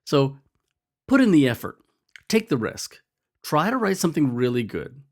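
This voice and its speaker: Lively man explaining poetry. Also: fairly high pitch, normal speed. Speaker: teacher. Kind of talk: educational video narration.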